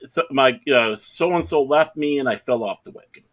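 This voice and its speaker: A man's voice: mid-range voice, moderate pace, hardly any pauses, a bit bright. A middle-aged man telling a long anecdote in casual chat, acting out the other people in the story in raised voices. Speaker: podcast co-host.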